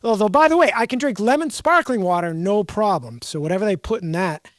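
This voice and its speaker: A woman's voice: medium pitch, animated, fairly quick, no echo, studio quality. A woman with a Boston accent chatting casually, a rambling storyteller who loves puns. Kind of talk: casual chat.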